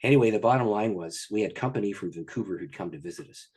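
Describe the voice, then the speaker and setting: A pastor, a man, telling a story as a guest in an interview, in an animated and excited way. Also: on the low side, fast, slightly rough.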